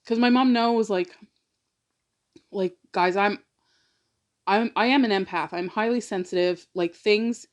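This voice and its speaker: A woman's voice: medium pitch, unhurried, long pauses. A woman vlogger telling a personal story in a casual, rambling way, full of "like" and emotional asides. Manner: rambling, fills talk with "like"; emotional, confiding. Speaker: mukbang vlogger.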